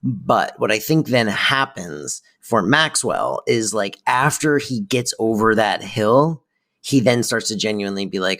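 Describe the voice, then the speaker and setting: A man's voice: fairly low pitch, expressive, unhurried, fairly bright tone. A man podcast co-host musing loosely and thoughtfully in casual chat.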